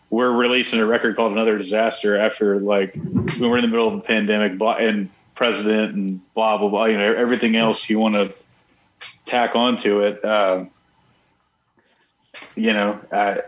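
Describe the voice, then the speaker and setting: A man's voice: lowish voice, level tone, normal speed, highs cut off. A man in a band talking casually in an interview, rambling and swearing freely. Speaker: band member.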